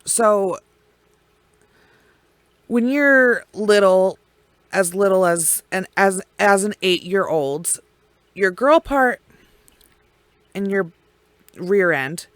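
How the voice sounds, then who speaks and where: Slow, blunt woman telling a true crime story. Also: mid-range voice, expressive, dry recording. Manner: blunt and profane, with heavy pauses.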